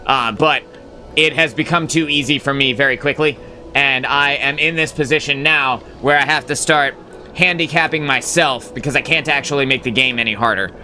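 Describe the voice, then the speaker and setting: Streamer dude rambling to chat, lots of uh and like, bright punchy voice, kinda sweary. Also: male voice, medium pitch, moderate pace, soft background music. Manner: rambling and filler-heavy, with frequent "uh" and "like"; blunt and profane, reading and answering chat. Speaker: live-stream gaming host. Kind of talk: casual live-stream chat.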